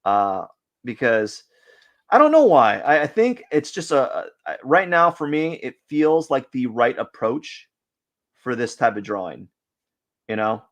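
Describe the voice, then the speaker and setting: A man chats casually while drawing on a live stream, wandering from one thought to the next. His voice sits in an ordinary middle pitch. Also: big pitch swings, unhurried, a bit bright. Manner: rambling, many restarts and fillers.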